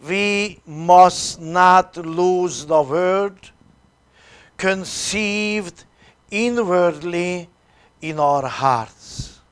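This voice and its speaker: With a clean, high-pitched voice, a priest reads a sermon at a retreat he's leading. The pace is slow and deliberate, marked by long pauses and sharp contrasts of loud and soft.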